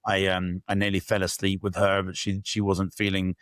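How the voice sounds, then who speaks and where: Low-voiced male guest, candid and reflective, dry recording. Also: completely flat delivery, moderate pace, fairly bright tone, no echo. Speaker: podcast guest. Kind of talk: casual interview storytelling.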